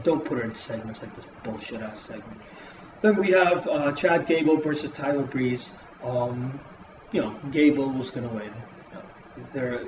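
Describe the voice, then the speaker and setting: A man's voice: mid-range voice, a little mellow. A man casually reviewing a wrestling show in a vlog, swearing often and rambling with lots of fillers. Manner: profane, rambling, full of fillers. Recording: roomy dull lo-fi with hiss.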